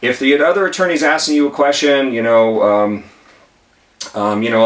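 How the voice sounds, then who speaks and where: Male attorney, mid-pitched and emphatic, teaching in an echoey room, mic set back. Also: level tone, normal speed, far from the mic. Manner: emphatic, conversational, repeats key phrases. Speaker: attorney teaching legal tips. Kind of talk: whiteboard lesson. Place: room with whiteboard. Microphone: camera mic at a distance.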